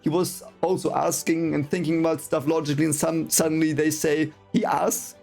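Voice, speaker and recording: Gravelly-voiced man ranting about a book. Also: on the high side, little pitch movement, moderate pace, a little mellow, faint music behind. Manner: frustrated, swearing, apologetic rants with repeated phrases. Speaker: book reaction reader. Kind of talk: reading aloud and ranting reaction.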